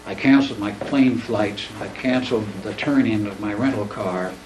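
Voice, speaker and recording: A man's voice: on the low side, moderate pace. A man casually telling a long, rambling personal story in a living-room chat, acting out the dialogue as he goes. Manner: rambling, animated, acts out quoted dialogue. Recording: roomy, distant mic, faint background noise.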